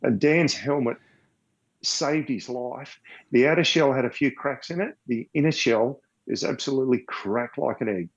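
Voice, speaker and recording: A man's voice: medium pitch, moderate pace. An older Australian man telling a long story as a podcast guest, rambling and repeating words, sometimes emotional. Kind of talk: casual storytelling. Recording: dull lo-fi sound.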